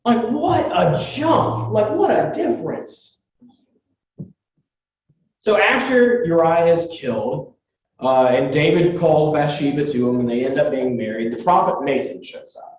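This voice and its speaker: A young man giving a casual, chatty Bible lesson, retelling the story with lots of fillers and animated asides. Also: fairly high pitch, unhurried. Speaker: Bible teacher. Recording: distant echoey lo-fi recording.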